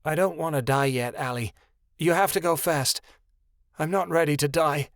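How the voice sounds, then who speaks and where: A wounded young girl in a fantasy audiobook, stubborn and a little whiny, her voice pitched high and strained with pain, as a man puts her on. The reading is dry and close, with no room sound. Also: moderate pace, no room sound, close to an everyday voice. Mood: hurt, stubborn.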